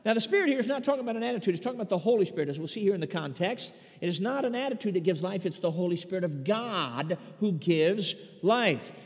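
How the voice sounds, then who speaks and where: A man from Chicago preaching a sermon, emphatic, swinging between loud declarations and hushed asides. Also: high-pitched, expressive, fast, few pauses. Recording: dull lo-fi sound with long reverb.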